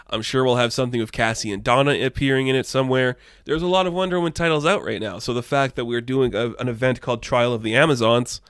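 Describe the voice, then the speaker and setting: A man giving casual, rambling commentary, chatty and quick to laugh. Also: mid-range voice, a bit bright, dry recording, studio quality. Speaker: pop culture commentator.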